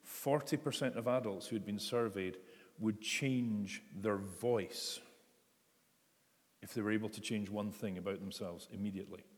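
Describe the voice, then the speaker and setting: A pastor preaching in a low voice. He talks in a searching, conversational way, with frequent restarts. His words trail off into a long church reverb. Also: moderate pace. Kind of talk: sermon.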